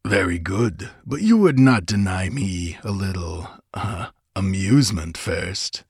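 A man's voice: on the low side, normal speed, breathy edge, no room sound. A man reading an audiobook, voicing a cynical mercenary lord who speaks in a dry, sardonic drawl.

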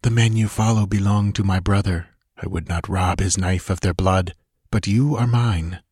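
A mocking evil spirit speaks from a column of green fire, as a man puts it on, its human voice threaded with something inhuman. It taunts in a low, cold tone, in an audiobook with dry, close sound. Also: fairly even intonation, moderate pace, a little mellow, breathy edge, no room sound. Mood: menacing. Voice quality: human voice with strange inhuman vibrations.

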